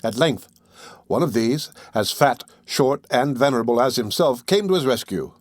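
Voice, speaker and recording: A man reading a classic novel aloud as an audiobook narrator, in a measured, unhurried way. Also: medium pitch, animated, dry recording, studio quality.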